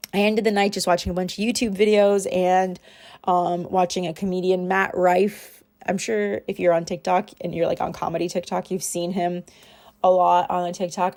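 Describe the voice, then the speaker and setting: This young woman, a planner vlogger, has a low-leaning, slightly mellow voice. She chats casually over a home voiceover mic about her week and her planner, drifting from topic to topic and teasing herself.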